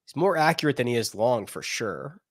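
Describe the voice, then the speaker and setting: A man co-hosting a podcast, talking through golf betting picks in a rambling, animated way with laughs in between. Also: medium pitch, a little fast, no echo, studio quality. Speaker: podcast co-host. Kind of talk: casual golf betting chat.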